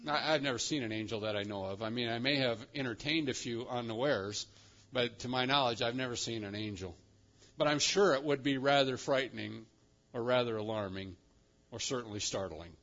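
A man preaching a sermon with dramatic emphasis, slowing down and rising in pitch to stress key words. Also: a bit bright, dull audio. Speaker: pastor.

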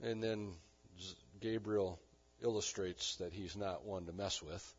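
A man preaching a sermon, animated and emphatic, with touches of dry humor. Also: sits low, a little slow, husky. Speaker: pastor. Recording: dull lo-fi recording.

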